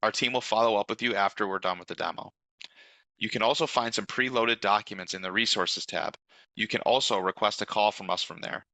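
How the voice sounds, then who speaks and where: A man with a low-set voice and a very bright, forceful tone presents a scripted product demo. His delivery is polished and upbeat, and the sound is dry and close. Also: a little fast, no echo, poor audio. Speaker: demo host.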